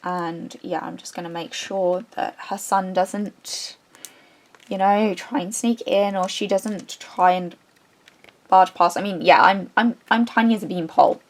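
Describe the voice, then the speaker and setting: A woman, a craft vlogger chatting casually and retelling a story in a rambling, animated way with many restarts. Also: mid-range voice, a little slow.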